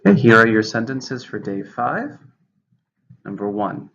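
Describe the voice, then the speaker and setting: Husky man teaching vocabulary. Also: fairly low pitch, very animated, measured pace, pauses often, a bit bright. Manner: methodical, spells out syllables and stress. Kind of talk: vocabulary lesson, reading definitions and examples. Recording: muffled lo-fi recording.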